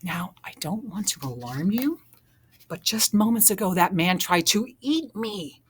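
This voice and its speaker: Lady doing a squeaky excitable little doughnut guy, fussy and proud, swoops up and down a lot, storybook voice. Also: a little hiss or hum, lightly acted. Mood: frantic. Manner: high, loud and fast when alarmed.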